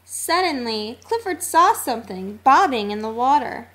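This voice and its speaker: A woman reading a children's storybook aloud, expressive and sing-song. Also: on the high side, measured pace, hardly any pauses. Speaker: narrator.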